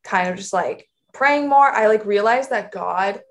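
A woman's voice: mid-range voice, a little slow. A young woman co-hosting a podcast, speaking earnestly and chattily with many fillers. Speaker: podcast co-host. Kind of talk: casual podcast conversation.

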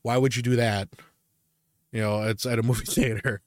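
A man's voice: mid-range voice, fairly even intonation, normal speed, dry recording, clean studio sound. Foul-mouthed man ranting through stories. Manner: ranting storyteller, heavy swearing and fillers. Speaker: podcast co-host. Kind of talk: casual chat.

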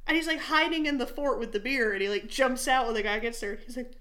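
A woman's voice: fairly high pitch, fast talker, a bit bright. A young woman co-hosting a casual podcast, telling stories in a chatty way, swearing freely and acting out the people in them. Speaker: podcast co-host. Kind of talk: casual chat.

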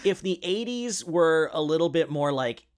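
A man's voice: on the high side, animated, normal speed. A man co-hosting a podcast, chatting casually about a film with plenty of "like" and fillers. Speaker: podcast co-host. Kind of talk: casual movie discussion.

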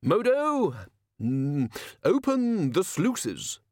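A man doing a booming, bullish old wizard chief. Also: wildly swooping pitch, a little slow, no echo, clean studio sound, heavily acted. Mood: hearty, bullish. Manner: loud, blustering, jovial.

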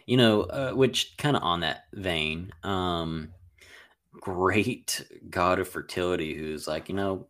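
A man's voice: low-pitched, slow pace, a bit bright. A man co-hosting a podcast, telling folklore in a loose, rambling way full of fillers and teasing asides. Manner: rambling, filler-heavy storytelling with playful jabs. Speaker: podcast co-host. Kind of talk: casual podcast chat.

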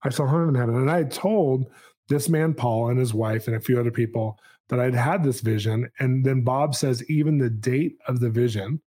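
A man in his forties with a mid-pitched voice recounts a personal story in a relaxed podcast chat. He talks in an animated, self-amused way and slips quick asides into the telling. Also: breathy edge. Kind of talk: casual storytelling.

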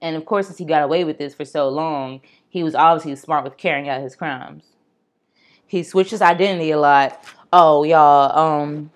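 Young female podcast host with a low voice; casual, blunt true-crime storytelling with asides to listeners.

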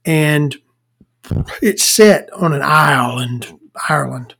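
A woman's voice: low-pitched, expressive, slow pace, vocal fry, a bit bright, slightly rough. Rambling, cursing woman podcast host. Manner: rambling and profane, stumbling over words. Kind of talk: casual rambling monologue.

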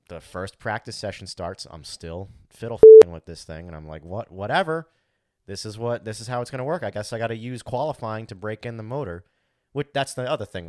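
Man, podcast co-host, casual storytelling, lowish voice, dry close sound, swears, acts out his thoughts. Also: dry recording. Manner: animated, acts out his own inner thoughts, swears freely; frequent "like" fillers.

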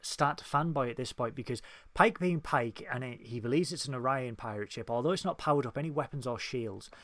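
A man co-hosting a casual review chat, excitable and fanboyish, laughing often. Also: medium pitch, fairly quick, no echo. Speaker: podcast co-host reviewing a TV episode.

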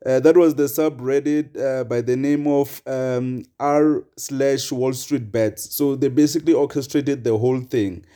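A young man talks loosely into his podcast mic, looping back on himself with "uh" and "like" and chuckling between points. His voice is dark and mellow, and his pitch sits in an ordinary middle range. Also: steady tone, unhurried, few pauses. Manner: rambling, chuckling, many fillers. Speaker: podcast host. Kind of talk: casual solo podcast monologue.

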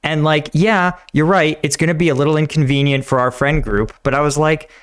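A man's voice: a little high, brisk, clean tone. A man hosting a casual podcast chat, talking in a rambling, hesitant way. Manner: rambling, hesitant, many fillers. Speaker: host, combat veteran.

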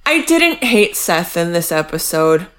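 A woman co-hosts a casual podcast recap, talking in a wry, chatty way. She takes her time, with an unhurried, easy pace. She laughs often as she goes. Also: on the low side, very animated, a bit bright. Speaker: podcast co-host.

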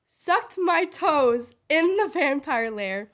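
A young woman with a high voice chatting casually as a podcast co-host. She retells what happened with lively quoted dialogue. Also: slow pace. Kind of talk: casual chat.

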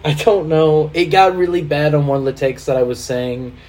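A man hosting a casual podcast chat, animated, swearing freely and laughing while he directs the video playback. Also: a little high, normal speed, a crowd in the background. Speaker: podcast host.

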